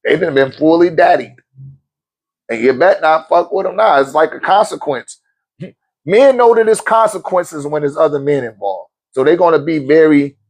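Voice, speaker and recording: A man's voice: fairly high pitch, creaky. A man hosting a casual Q&A, telling a story bluntly with lots of swearing and frequent laughter. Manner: blunt, profane, laughs often, lively swings. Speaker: host.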